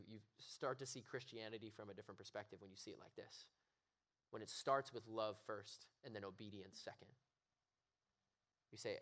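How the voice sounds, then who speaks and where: A man's voice: medium pitch, fairly bright tone. Earnest young man preaching to youth. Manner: earnest, builds to raised emphatic pleading. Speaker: youth pastor. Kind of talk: youth sermon. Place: youth service room with audience.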